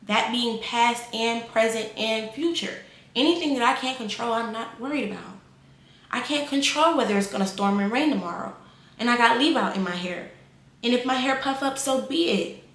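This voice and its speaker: A woman in her twenties giving casual life advice, animated and repeating phrases for emphasis. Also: on the high side, normal speed, reverberant. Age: 20s.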